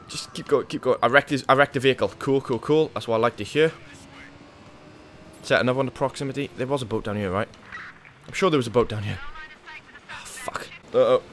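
A man's voice: medium pitch, slight background noise. A man giving live, panicky commentary on his own gameplay, swearing and talking to himself. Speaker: gaming YouTuber.

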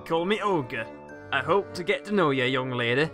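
A man voicing a sinister male salesman who speaks in a suave, deliberate way. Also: on the high side, lively intonation, a bit bright, soft background music.

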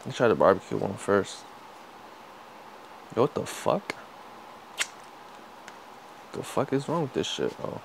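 A man's voice: fairly low pitch, big pitch swings, unhurried, vocal fry, long pauses, slight background noise, poor audio. Profane joking young man. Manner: profane, joking, loud outbursts. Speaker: vlogger. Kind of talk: casual food-tasting chat.

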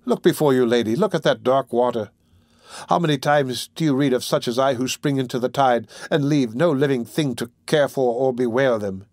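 A man's voice: medium pitch, moderate pace, darkish tone, no echo, studio quality, close to an everyday voice. A man reading an audiobook, voicing a frightened, desperate young woman with an urgent, pleading delivery. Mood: despairing.

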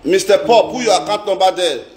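A man's voice: high voice, fairly quick, roomy sound. A middle-aged Nigerian man telling a story on a live stream, dramatic and chatty, slipping into pidgin and repeating himself.

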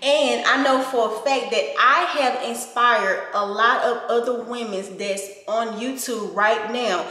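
A woman's voice: fairly high pitch, pushed and bright. Earnest woman vlogger in an echoey room. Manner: earnest, emphatic, repeats herself. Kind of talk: casual heartfelt talk to camera. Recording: echoey room with long reverb.

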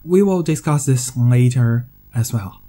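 A man's voice: mid-range voice, expressive, unhurried, dark tone. A man with a dry, wry humor reading his own video essay, with frequent hesitant fillers. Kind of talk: scripted monologue.

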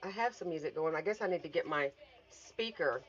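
A woman with a slightly low voice chats casually on a morning livestream from home. She rambles, greets viewers and swears in passing. The phone audio is dull and lo-fi. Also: lively intonation, a little fast. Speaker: artist livestreaming.

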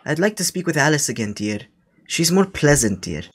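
A man's voice: a little high, sing-song, normal speed, slightly rough. A man voicing a fussy, scolding old grandmother on a prank phone call, who ends nearly every line with "dear" and rambles. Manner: says dear constantly, scolding, meandering. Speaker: scambaiter.

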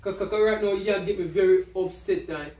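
Insistent Jamaican man, high voice, echoey room. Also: brisk, darkish tone. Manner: insistent, lecturing, repeats himself. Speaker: vlogger husband. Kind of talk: casual couple argument. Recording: echoey room, mic far off.

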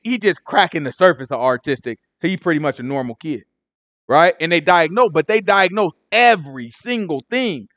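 A man leading a casual Bible study, animated and conversational, full of asides. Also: high-pitched, dry recording.

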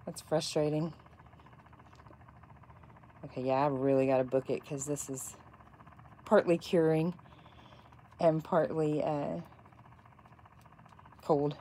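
A woman in her thirties from north central Texas, with a softened Texas accent, chatting casually with viewers while she works on epoxy cups. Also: low-pitched, little pitch movement, slow pace, pauses often. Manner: chatty, rambling, reacts to chat comments. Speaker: crafter making epoxy cups. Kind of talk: casual chat while crafting.

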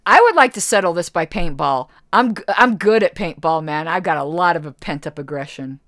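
A woman's voice: lowish voice, expressive, a little fast, a bit bright, no room sound, studio quality. Chatty woman answering a livestream chat. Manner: chatty, rambling self-corrections, blunt asides. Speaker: party committee member hosting a livestream. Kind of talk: casual livestream Q&A, reading chat.

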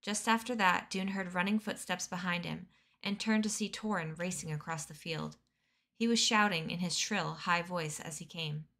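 A woman reading a children's novel aloud on a cozy stream, steady and expressive. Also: fairly low pitch, normal speed.

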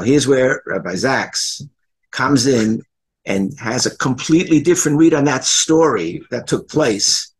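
A man's voice: mid-range voice, gravelly, husky, rough recording. An older man, a rabbi, giving an earnest Torah lecture, retelling stories and repeating key phrases for emphasis.

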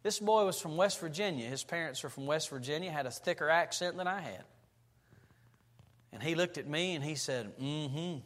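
A pastor preaching a sermon in a church, telling stories and building to loud, emphatic passages. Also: male voice, fairly high pitch, expressive, normal speed. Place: church sanctuary. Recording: long reverb of a church hall.

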